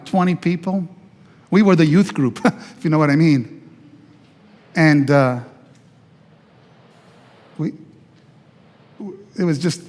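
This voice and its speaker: A man, a pastor, telling his testimony as a sermon, animated and acting out the voices he quotes. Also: fairly high pitch. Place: church sanctuary. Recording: long church hall reverb.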